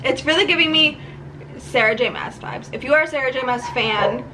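A woman's voice: high voice, brisk, noisy background. A young woman from New chatting casually in a book vlog at home, rambling and gushing with frequent laughs. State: tearful. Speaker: book vlogger. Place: home room.

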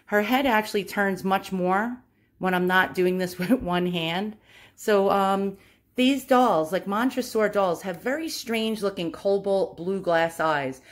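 A woman's voice: mid-range voice, a little slow. Chatty New York woman showing antiques. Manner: chatty, self-deprecating, laughs often. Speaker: antique doll collector. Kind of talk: casual show-and-tell. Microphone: handheld phone camera.

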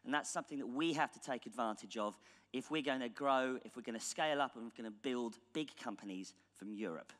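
A man's voice: medium pitch, brisk, a bit bright. Blunt British man in a reverberant hall. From England. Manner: ironic, blunt, casual with swearing. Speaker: conference speaker. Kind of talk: conference keynote talk. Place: large conference hall stage.

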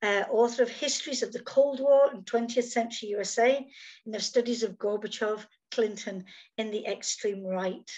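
A woman's voice: on the high side, fairly even intonation, normal speed, a little mellow, poor audio. A woman hosting a casual interview over a video call, chatty and full of fillers, speaking from outdoors in summer. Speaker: host.

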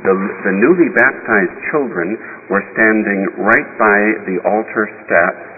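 Deep-voiced bishop preaching, tinny echo. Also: male voice. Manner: unhurried, with pauses and small restarts. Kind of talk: sermon storytelling. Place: church. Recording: reverberant church heard over a tinny, lo-fi line with faint hiss.

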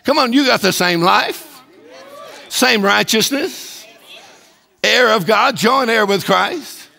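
A man preaching a sermon as a guest speaker, emphatic and building to shouted declarations. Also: high-pitched, slow pace, creaky, big-room sound, a faint crowd.

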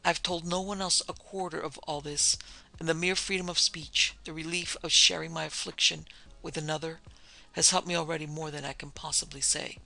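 A man voicing a nervous, frightened male author who speaks in jerky sentences with a lowered voice. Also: fairly even intonation, fairly quick, vocal fry, pushed and bright, exaggerated voice, rough recording.

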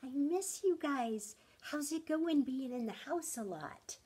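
A woman in her thirties or forties reading a picture book aloud to children, speaking gently and stopping often to ask them questions. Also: high voice, expressive, slow pace. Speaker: storytime reader.

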